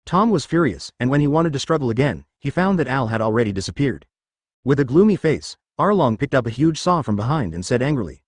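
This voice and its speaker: A man reads a long fan fiction story aloud. His pitch sits in the middle but swings widely, and the sound is dry with no room echo. The cadence stays even and steady, even over sound effects. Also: fast. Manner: reads page artifacts and sound words flatly, even cadence. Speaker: narrator.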